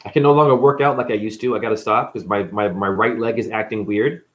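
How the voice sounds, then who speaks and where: A man's voice: fairly low pitch, steady tone, fast talker. Man vlogger, in chronic pain, raw profane monologue, blunt and rambling. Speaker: live-stream vlogger.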